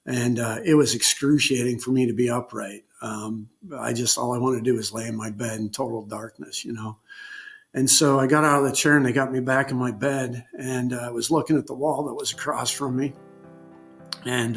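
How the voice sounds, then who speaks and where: Gravelly man telling his story haltingly. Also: medium pitch, a bit bright. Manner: halting, frequent pauses with uh and um. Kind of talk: unscripted personal storytelling.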